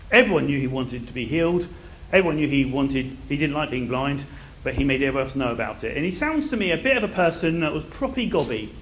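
A man preaching a sermon, telling a Bible story in an animated way and dropping to a quiet intensity for key points. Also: mid-range voice, slight background noise.

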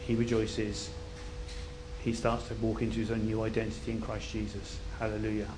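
A man preaching a sermon, telling a Bible story in an animated way and dropping to a quiet intensity for key points. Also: on the low side, moderate pace, noisy background.

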